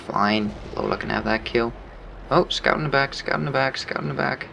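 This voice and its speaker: A man giving casual commentary over his own gameplay, relaxed, laughing often and explaining his moves. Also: mid-range voice, normal speed, vocal fry, background noise.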